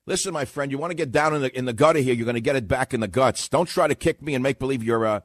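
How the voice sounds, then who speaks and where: A man's voice: mid-range voice, very fast, no room sound. A man from New York hosting a combative talk radio show, blunt and sarcastic with his callers. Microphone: studio microphone.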